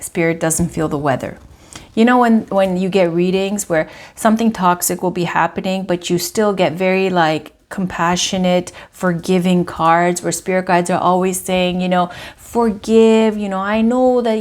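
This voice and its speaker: A woman's voice: fairly low pitch, darkish tone. Emphatic woman tarot reader. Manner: emphatic, repeats herself, many fillers. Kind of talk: casual tarot reading to camera.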